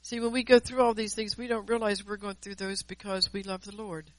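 A woman's voice: medium pitch, little pitch movement, fairly quick, dry recording, rough recording. Earnest woman preaching a devotional message. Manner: earnest, emphatic, repeats words for stress. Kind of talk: devotional sermon with personal testimony.

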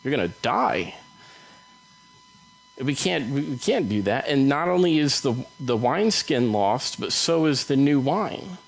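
A man's voice: mid-range voice, sing-song, gravelly, low-quality recording. Male preacher, casual conversational sermon, mid-range voice. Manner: conversational, acts out Bible dialogue in quick voices.

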